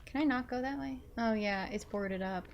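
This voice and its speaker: A woman's voice: on the high side, moderate pace, muffled recording. A woman gaming streamer chatting and joking casually while playing. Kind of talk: casual let's-play commentary.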